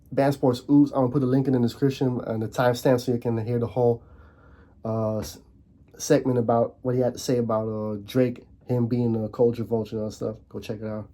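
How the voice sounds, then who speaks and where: A young man hosting his own channel, ranting casually to camera in a fired-up way, stumbling and repeating words, his voice leaping higher on emphatic points. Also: warm tone. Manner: frequent restarts and repeated words. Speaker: video host.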